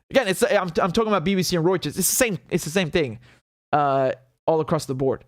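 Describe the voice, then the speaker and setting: Man, commentary show host, indignant, sarcastic, curses a lot, high-ish voice, dry close sound. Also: brisk, no echo. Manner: indignant, sarcastic, swears freely. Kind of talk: livestream political commentary.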